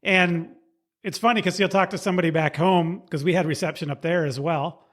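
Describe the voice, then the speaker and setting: A man hosts a hiking podcast and gives his guest easy, affirming replies. His voice sits a little above the usual male pitch, and he laughs often. His questions are relaxed and conversational. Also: a little fast. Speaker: podcast host. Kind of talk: conversational interview.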